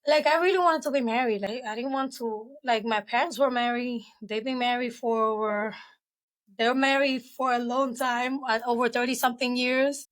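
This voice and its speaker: A woman's voice: a little high, steady tone, normal speed. A woman speaking as a podcast guest, talking candidly and reflectively with lots of "you know" fillers. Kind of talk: casual interview chat.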